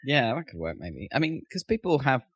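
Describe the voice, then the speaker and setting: A man's voice: mid-range voice, very animated, a little fast, husky, no room sound. A man co-hosting a podcast in casual chat, rambling and hedging with lots of "like". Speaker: podcast co-host.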